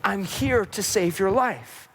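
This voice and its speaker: A man's voice: high-pitched, animated, slow pace, a bit bright, a little hiss or hum, full character voice. A man voicing a compassionate savior figure who pleads earnestly. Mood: pleading.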